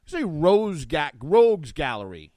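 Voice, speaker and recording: Animated high-voiced talk radio man. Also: a little slow, dry recording, low-quality recording. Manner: animated and sarcastic, reading from an article and riffing on it. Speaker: guest radio talk show host. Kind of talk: political talk radio commentary. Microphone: studio microphone.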